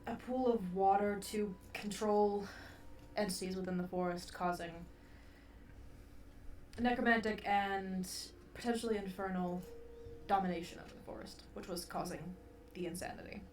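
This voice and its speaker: A woman's voice: medium pitch, normal speed, a little hiss or hum. Distant-sounding woman tabletop player. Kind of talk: tabletop role-play. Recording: roomy, away from the mic.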